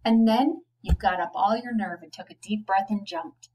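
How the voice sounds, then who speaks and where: A woman, a teacher, reading a children's novel aloud, giving the children's lines a lively lift. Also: mid-range voice, moderate pace, recorded from a distance, low-quality recording. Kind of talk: storybook read-aloud.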